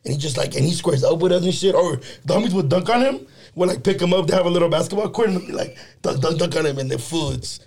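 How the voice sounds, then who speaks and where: Man, podcast co-host, slangy and foul-mouthed, laughs often, high and very lively voice, faint hiss behind. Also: fast. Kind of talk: casual chat.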